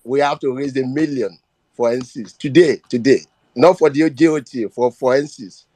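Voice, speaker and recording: A man's voice: medium pitch, moderate pace, warm tone. A man with a Nigerian accent speaking earnestly and emotionally on a live audio chat, often repeating himself. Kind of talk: impassioned appeal.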